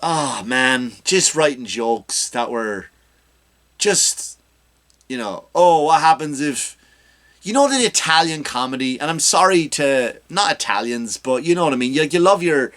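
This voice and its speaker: A man's voice: mid-range voice, animated, measured pace, fairly bright tone. A male comedian hosting his own podcast, delivering a ranting, self-mocking comedic monologue.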